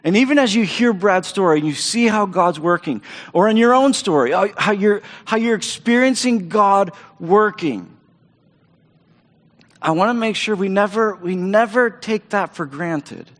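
A man preaching from a church stage, his voice pitched high for a man and trailing a long reverb through the hall. He talks with eager enthusiasm, doubling back on words and restarting his phrases as he goes. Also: lively intonation, unhurried. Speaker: pastor. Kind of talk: sermon.

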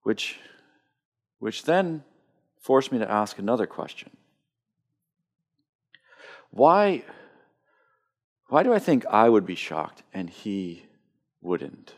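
A male pastor delivers a sermon with real conviction, his pitch swinging widely as he builds and drops. He often restarts phrases, repeating a word before pressing on. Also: sing-song, takes it slowly, pauses often. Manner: impassioned, repeats words when starting phrases.

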